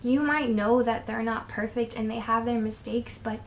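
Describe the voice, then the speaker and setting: Young woman, faith vlogger, fairly high voice, earnest and chatty, wanders off on tangents. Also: steady tone, normal speed, a little hiss or hum. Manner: earnest and chatty, drifts into tangents, laughs softly. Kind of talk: casual faith advice talk.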